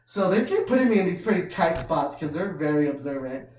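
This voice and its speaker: A woman's voice: lowish voice, sing-song, fairly quick, darkish tone, slight background noise. A woman doing stand-up comedy, telling loose, self-mocking stories and laughing often. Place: small comedy venue. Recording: roomy room heard from far off.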